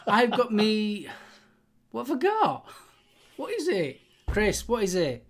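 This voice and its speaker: A man's voice: high voice, wildly swooping pitch, slow. A man in a casual live stream chat, playful and jokey, sometimes trailing off to find words.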